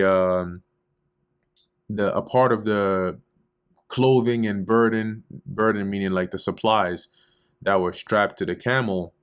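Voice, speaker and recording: A man reading scripture aloud and explaining it in casual, slangy paraphrase during a relaxed Bible study. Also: lowish voice. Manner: reads archaic verses, then explains them in loose slangy paraphrase.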